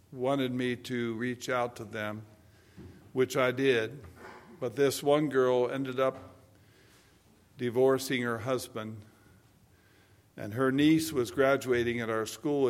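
An older man preaching a sermon, moving between hushed personal stories and loud, emphatic preaching. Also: mid-range voice. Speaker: pastor.

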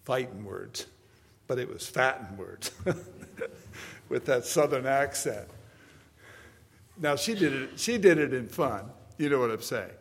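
A man's voice: mid-range voice, expressive, unhurried, long pauses. Older male preacher in echoing hall. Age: 70s. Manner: impassioned, swinging from soft storytelling to loud emphatic preaching. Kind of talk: sermon. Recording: long hall reverb.

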